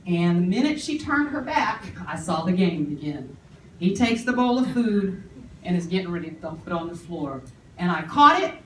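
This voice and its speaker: A woman telling lively stories to a live audience in a meeting room, acting out the people she quotes. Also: on the high side, slight background noise. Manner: animated storyteller acting out quoted voices. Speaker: speaker on paper clutter. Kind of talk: storytelling talk to an audience. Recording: echoey room, voice from far off.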